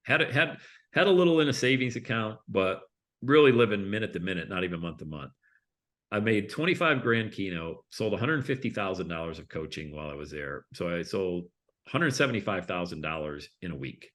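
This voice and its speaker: A man with a low-sitting voice speaks fairly quickly as a guest in an informal interview, where he's a public speaker and coach. Loose and conversational, he tells animated stories and voices the people he quotes.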